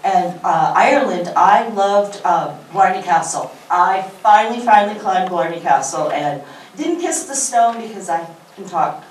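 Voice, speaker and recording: Excited woman gushing on a panel, lowish voice, big echo, a bit far off. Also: measured pace, a little hiss or hum. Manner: enthusiastic, gushing. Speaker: panel speaker. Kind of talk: casual panel talk. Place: large room at a public event. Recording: echoey room from far off.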